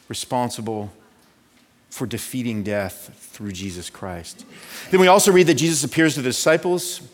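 A male pastor delivering a sermon in an easy, conversational style, often turning to the congregation with a quick "right?". His voice sits in a middle register. The sound carries a long reverb from a church hall. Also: mid-range voice.

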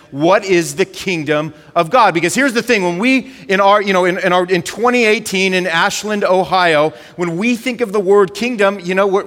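A male pastor, giving a conversational, animated sermon and leaning on filler words. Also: high-pitched, long reverb tail.

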